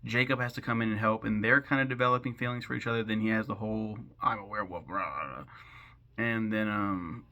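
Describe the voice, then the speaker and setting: A man's voice: lowish voice, a little fast, bright, forceful tone, lo-fi sound. A man giving a casual, rambling film recap, sarcastic and swearing freely as he goes. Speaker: film commentary host.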